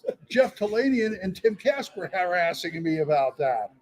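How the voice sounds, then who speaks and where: A man co-hosting a casual live podcast chat, telling animated, jokey stories. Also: high voice, moderate pace, rough recording. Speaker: podcast co-host.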